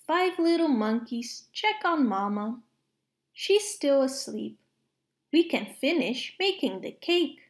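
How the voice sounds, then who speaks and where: A woman reading a picture book aloud to young children, expressive, with playful hushes and sound effects. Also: high voice, takes it slowly. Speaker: storybook reader.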